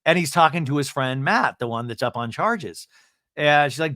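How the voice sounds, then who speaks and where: A man hosting a podcast, casually recapping an episode with wry asides and acting out quotes in jumpy, higher voices. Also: sharp tone, smooth, no echo, studio quality. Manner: acts out quotes with quick pitch jumps. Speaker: podcast host.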